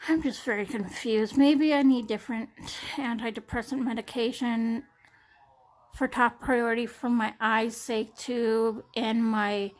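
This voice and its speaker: Young woman rambling into her phone, kinda high voice, lots of um and like. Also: fairly even intonation. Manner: rambling, halting, many fillers and restarts. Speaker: vlogger. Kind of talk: casual personal vlog. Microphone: smartphone.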